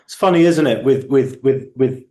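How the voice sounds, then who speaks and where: A man's voice: mid-range voice, normal speed, dark tone, echoey room. A man hosting a book club video call, reflective and casual, often repeating words as he starts a thought.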